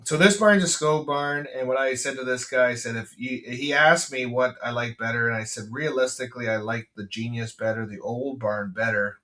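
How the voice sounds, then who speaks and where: A man's voice: medium pitch, normal speed, few pauses, bright, forceful tone, recorded from a distance. A Canadian man, a farmer hosting his podcast, talking in a blunt, rambling way with lots of fillers and restarts. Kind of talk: casual rambling monologue. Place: farm.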